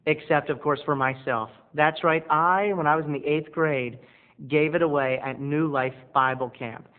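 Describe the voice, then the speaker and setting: A man rambles through a self-mocking confessional monologue, his voice sitting a little high. The sound is thin and tinny, like a phone line. He talks to the camera from his bedroom studio. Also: steady tone, moderate pace. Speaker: video blogger.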